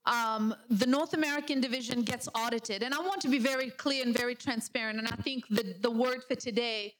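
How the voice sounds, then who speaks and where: A woman presenting as a ministry director at a convention, earnest and emphatic, with frequent pauses and fillers. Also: a little high, low-quality recording. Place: convention hall.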